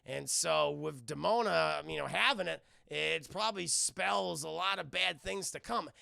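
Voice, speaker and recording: A man casually recapping a cartoon episode for his stream chat, animated and profane, often breaking into laughter. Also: a little high, measured pace, creaky, no room sound, studio quality.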